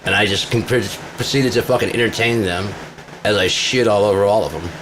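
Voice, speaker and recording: A man with a very deep, low voice rambles through a casual vlog, swearing freely and boasting. A steady noise sits clearly behind him, like a vehicle humming. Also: moderate pace, low-quality recording. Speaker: vlogger.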